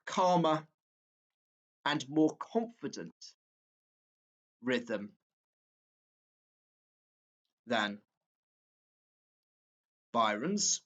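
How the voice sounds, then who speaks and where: Slow, halting male teacher. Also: medium pitch, sing-song, a bit bright. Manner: slow, halting, with frequent fillers and self-corrections. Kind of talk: exam walkthrough lesson.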